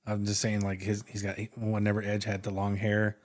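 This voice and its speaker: A man's voice: on the low side, monotone, brisk. Laid-back joking male podcast co-host. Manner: laid-back and jokey, trails off mid-sentence. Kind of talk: casual podcast chat.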